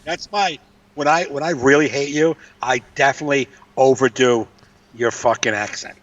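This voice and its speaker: A man's voice: medium pitch, fairly even intonation, moderate pace, fairly bright tone, slight background noise. A man co-hosting a casual comedy podcast, ranting in a profane and exasperated way. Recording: distant, dull lo-fi mic.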